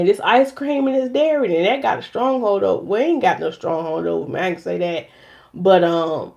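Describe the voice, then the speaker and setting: A woman hair stylist hosting a casual live chat with her viewers, talking in a playful, churchy way and speaking straight to them. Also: medium pitch. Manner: chatty, playful and churchy, addresses viewers directly. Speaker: hair stylist and channel host.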